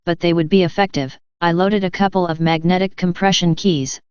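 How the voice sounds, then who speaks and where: A woman reads a science-fiction story in the first person with an even, measured delivery. Her voice is low, very smooth, and clear. The recording is dry and close, with a slightly dull, lo-fi tone. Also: no room sound. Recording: dull lo-fi sound.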